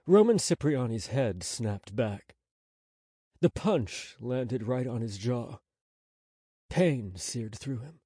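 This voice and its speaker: A man narrating an audiobook in a measured, unhurried storytelling manner on a close studio mic. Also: medium pitch, dark tone, slightly rough, no room sound. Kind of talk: scripted narration.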